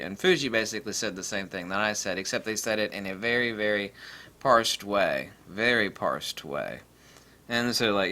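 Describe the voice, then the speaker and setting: Bright, forceful-voiced man for a rambling, cocky vlog rant. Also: mid-range voice, moderate pace. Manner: rambling, boastful, laughing, many fillers. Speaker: camera vlogger. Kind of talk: casual rant to camera.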